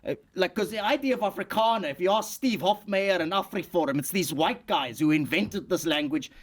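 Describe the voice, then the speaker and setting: A man's voice: high voice, fairly quick. A man voicing a cheeky male puppet who hosts a comedy podcast, teasing and provocative, with a South African accent. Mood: cheeky, curious. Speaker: host.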